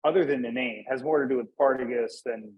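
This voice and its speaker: A man's voice: medium pitch, fast talker, a little mellow, husky, low-quality recording. A man from Northeast Pennsylvania, a guest in a casual interview, speaking in an easygoing way with "you know" fillers. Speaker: guest, cigar brand manager.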